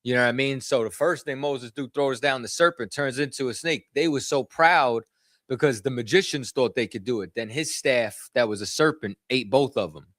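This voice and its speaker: A man's voice: medium pitch, normal speed, fairly bright tone, no room sound, clean studio sound. A man leading a scripture study, speaking in casual street slang and often asking "you know what I'm saying". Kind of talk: casual teaching.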